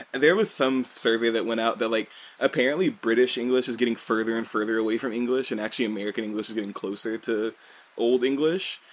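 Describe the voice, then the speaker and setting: A man's voice: mid-range voice, brisk. A man co-hosting a podcast in casual chat, loose and profane, often laughing.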